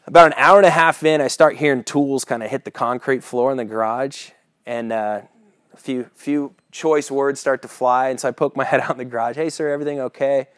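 A man's voice: mid-range voice, fairly quick, a bit bright, no room sound. Casual storytelling preacher man, dry mic. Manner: casual storytelling with chuckles and asides; keeps asking "right?" as he preaches. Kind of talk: sermon with a personal story.

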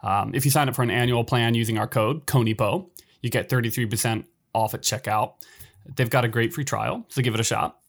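A man co-hosting a casual podcast, talking in a relaxed, rambling and self-deprecating way. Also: medium pitch, fairly quick. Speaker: podcast co-host. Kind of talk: casual bilingual podcast chat.

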